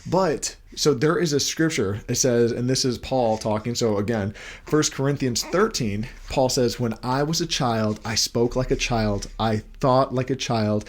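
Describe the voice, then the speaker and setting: A man's voice: mid-range voice, unhurried. A young man giving an earnest devotional talk as a podcast host, asking many questions while holding his baby at home.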